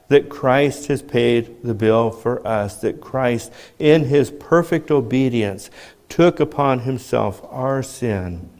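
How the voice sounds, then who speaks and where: A man preaching a sermon in a measured teaching tone, asking rhetorical questions as he explains. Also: medium pitch, darkish tone.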